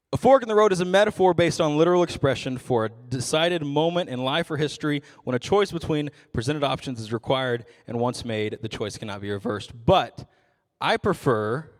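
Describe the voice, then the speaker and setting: A young man serving as a ministry intern delivers a youth sermon in a medium-pitched voice with a long reverb tail. He's casual and self-deprecating, joking often.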